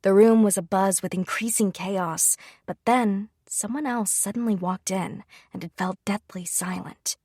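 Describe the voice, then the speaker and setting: A woman reading a first-person novel aloud in an even, measured narration. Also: mid-range voice, husky, no room sound, studio quality. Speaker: audiobook narrator.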